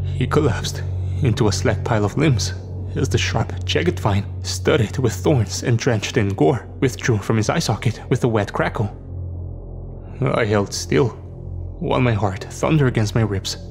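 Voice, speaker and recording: A man's voice: mid-range voice, gravelly. A man telling a horror story in a tense, dramatic scripted narration. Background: faint music.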